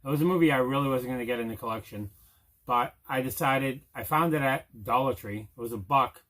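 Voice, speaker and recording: A man's voice: mid-range voice, brisk, fairly bright tone. A man co-hosting a casual movie review show, talking in a laid-back, offhand way. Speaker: co-host. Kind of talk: casual chat.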